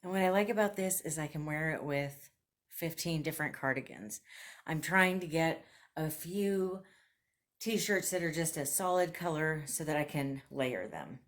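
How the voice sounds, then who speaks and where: A woman's voice: deep voice, moderate pace. A woman vlogger chatting casually and enthusiastically through a thrift haul and try-on, laughing often.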